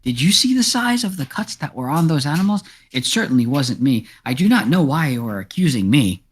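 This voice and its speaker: A man's voice: on the high side, sing-song, brisk, husky, voice pushed up. A man voicing a nervous, rambling talking farm cat in a tabletop game, repeating himself as he goes. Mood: defensive. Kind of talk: tabletop role-play voice.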